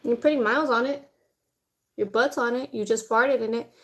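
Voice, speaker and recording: A woman's voice: on the high side, moderate pace, fairly bright tone. A young woman streaming casually from home while doing her makeup, chatty and blunt, swearing without fuss.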